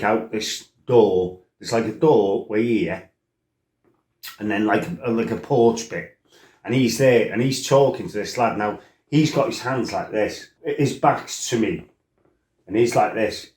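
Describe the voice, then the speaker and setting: A man's voice: medium pitch, darkish tone. A middle-aged man, a former kickboxer, telling stories from his life in a blunt, rambling way, full of "you know" and "right?". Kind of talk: casual spoken storytelling. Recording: roomy echo.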